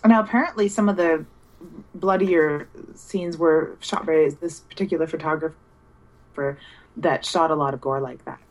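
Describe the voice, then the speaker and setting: Woman, lowish voice, dry matter-of-fact delivery, casual podcast co-host. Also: moderate pace. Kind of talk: casual movie chat.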